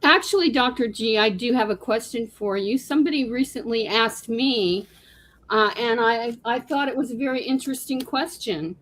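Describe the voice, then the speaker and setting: A woman appearing as a guest on a call-in show, explaining things in a measured, earnest way. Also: on the high side, fairly bright tone, rough recording. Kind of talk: casual call-in chat.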